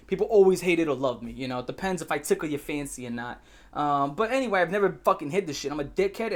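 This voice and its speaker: A young man telling a profane storytime rant, brash and boastful, dropping to mutters then shouting. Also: fairly high pitch. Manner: brash, swearing, boastful, swings between mumbling and shouting. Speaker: YouTuber.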